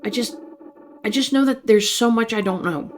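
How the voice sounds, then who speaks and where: A woman's voice: fairly high pitch, moderate pace, noisy background, close to an everyday voice. A woman voicing an earnest young man who speaks hesitantly and doubts himself, while reading interactive fiction aloud. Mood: troubled. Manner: hesitant, self-doubting, stumbling. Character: earnest, unsure young man, anxious and questioning.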